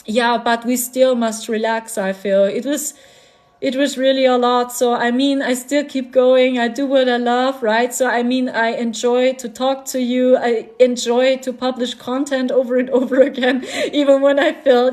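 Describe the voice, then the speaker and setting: A woman's voice: sits high, flat delivery, moderate pace, a little mellow. A woman chatting on a live stream, laughing often and repeating herself as she talks. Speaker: spiritual vlogger. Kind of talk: casual live-stream chat.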